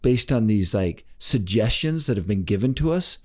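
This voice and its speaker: A man being interviewed as a life coach, telling a story in a podcast interview and acting out the voices of the people in it. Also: normal speed. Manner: animated, acts out quoted voices with big pitch jumps.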